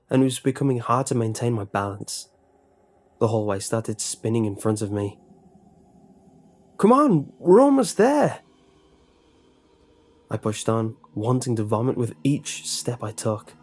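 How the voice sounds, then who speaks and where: A man narrating a horror story in a steady, measured way. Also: on the low side.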